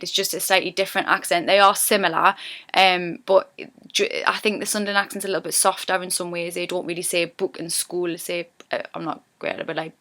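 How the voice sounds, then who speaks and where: A woman's voice: mid-range voice, sharp tone. A young woman with a Geordie accent, chatting casually as she teaches local words and how they are said, stretching the vowels to show them. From North East England. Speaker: vlogger teaching her accent.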